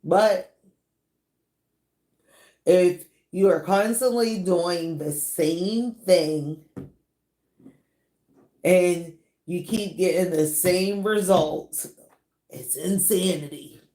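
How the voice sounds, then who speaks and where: Chatty animated woman with a drawl. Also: lowish voice, extremely slow, long pauses, reverberant. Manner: animated and chatty, laughs often, drawls words. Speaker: celebrity gossip channel host. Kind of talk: casual commentary.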